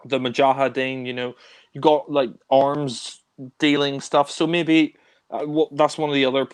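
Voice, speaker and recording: A man's voice: medium pitch, flat delivery, normal speed, smooth, no echo. A man casually reviewing spy films, rambling with many fillers and restarts. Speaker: film reviewer. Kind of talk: casual film discussion.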